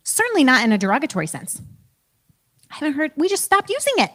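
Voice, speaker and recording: A woman's voice: sits high, wildly swooping pitch, fast talker, a bit bright. A woman in her thirties, a preacher and teacher, giving a casual, conversational talk with a self-deprecating manner.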